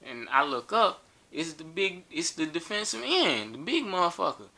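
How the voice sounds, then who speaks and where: A man's voice: on the high side, big pitch swings, normal speed, bright, forceful tone. A man telling a funny story in a casual, joking and profane way.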